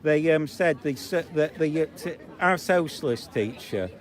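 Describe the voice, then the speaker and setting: A man's voice: a little high, lively intonation, measured pace. A man from Zambia arguing outdoors on a city street with protesters while filming on a handheld phone, talking bluntly and mockingly and rambling with lots of ums. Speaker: street filmer. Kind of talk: confrontational street argument.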